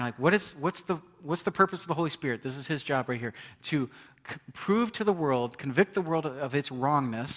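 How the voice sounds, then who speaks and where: A man's voice: mid-range voice, fairly bright tone. Conversational male pastor preaching. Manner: conversational preaching, reading scripture aloud with frequent restarts. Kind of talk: sermon.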